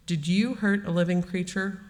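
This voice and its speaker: A woman reading the part of a wise divine mother, speaking softly and calmly, in a reverberant church hall. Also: lowish voice, moderate pace, pitched above the performer's own voice, natural voice. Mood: gentle.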